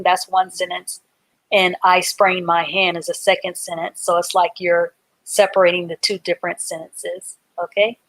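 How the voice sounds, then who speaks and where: A woman's voice: fairly low pitch, a bit bright. A woman teaching a live online reading class, patiently spelling words out letter by letter and explaining them simply.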